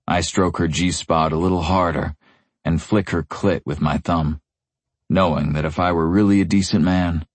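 A man reading a first-person audiobook in a brooding, gruff manner. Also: rumbling low, no echo. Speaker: audiobook narrator.

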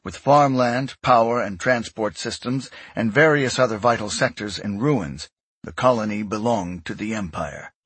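A man giving scripted narration of a sci-fi story in a measured, even way. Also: fairly low pitch, breathy edge, no echo. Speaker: audiobook narrator.

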